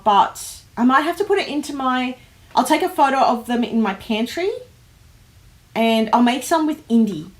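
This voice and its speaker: An Australian woman hosting a casual livestream, chatting and reading out comments, animated, with frequent laughs and fillers. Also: fairly high pitch. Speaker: host of a planner livestream. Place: home office.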